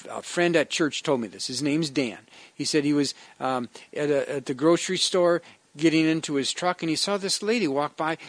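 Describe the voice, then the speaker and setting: Earnest pastor, fairly high male voice. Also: moderate pace, no room sound. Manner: earnest, conversational, with frequent restarts. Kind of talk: devotional sermon with prayer.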